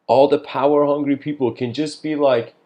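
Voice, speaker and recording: A man's voice: on the high side, steady tone, normal speed, mellow, muffled recording. Rambling man musing aloud. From Iran. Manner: rambling, lots of fillers and restarts, laughs often. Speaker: speaker giving a philosophical talk. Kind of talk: casual reflective monologue.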